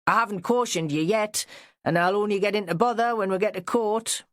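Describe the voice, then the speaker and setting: A woman voices a blunt, plain-spoken middle-aged female detective in a matter-of-fact mood. She speaks a little fast at a medium pitch, raised above her own voice yet sounding natural, with clean studio sound and no room sound.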